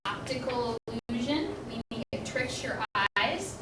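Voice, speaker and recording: A woman teacher leading a classroom lesson for children, giving clear call-and-response cues and encouraging her pupils. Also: fairly high pitch, slow pace. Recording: roomy classroom echo, distant mic, noisy.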